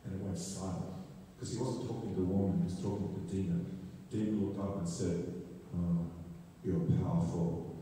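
A man's voice: deep voice, steady tone, quick pace, hardly any pauses, mellow. A man preaching a sermon, telling stories emphatically with frequent restarts, recorded in a church sanctuary. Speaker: pastor. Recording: echoey hall, distant mic, faint noise.

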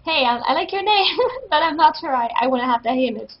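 A woman's voice: high voice, animated, quick pace, dull audio. A woman with a French Canadian accent, chatting and giggling often while she plays a game on stream. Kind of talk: casual gameplay commentary.

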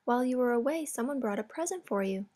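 A gentle mother hare, as a woman reads her. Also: fairly high pitch, lively intonation, quick pace, lightly acted.

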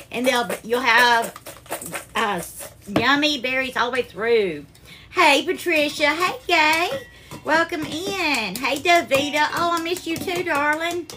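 Southern woman, cooking-stream host, high bright voice, faint hiss behind. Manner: affectionate, calls viewers darling and honey. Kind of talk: live cooking stream, greeting viewers. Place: home kitchen.

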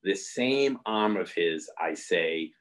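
Deep-voiced man reading a novel aloud. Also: animated, takes it slowly, a bit bright, rough recording. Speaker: reader.

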